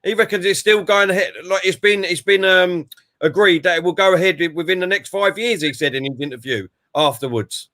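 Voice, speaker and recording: A man's voice: high voice, brisk, sharp tone. A man hosting a casual football chat, talking in a friendly way with many hesitations and fillers. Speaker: host.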